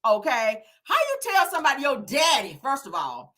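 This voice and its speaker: In a high-pitched voice at a moderate pace, a woman gives a casual recap of a reality show. She's animated, sassy and profane, laughs often, and acts out the cast's lines in quotes as she goes.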